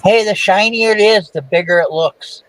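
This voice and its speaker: High-voiced man teasing. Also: normal speed, fairly bright tone, rough recording. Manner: teasing, wisecracking. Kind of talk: casual podcast banter.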